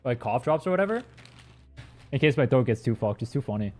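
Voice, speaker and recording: A man's voice: medium pitch, very animated, a little fast, a little mellow. A young man streaming a game, chatting in a rambling, casual way with plenty of swearing, his throat a little strained. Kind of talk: casual gaming stream chat.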